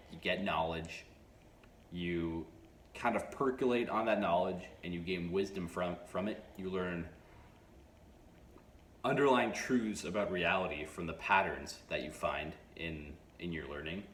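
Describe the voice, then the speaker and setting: A man hosting a self-improvement channel, giving advice straight to camera in a halting way, restarting his phrases and taking measured pauses. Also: sits low, fairly bright tone. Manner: halting, frequent restarts and stutters. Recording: echoey room with faint noise.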